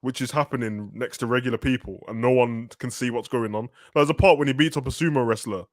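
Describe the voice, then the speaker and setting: A man chatting casually as a fan channel co-host, animated and slangy, often acting out film lines. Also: mid-range voice, fast talker, no echo, studio quality. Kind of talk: casual chat.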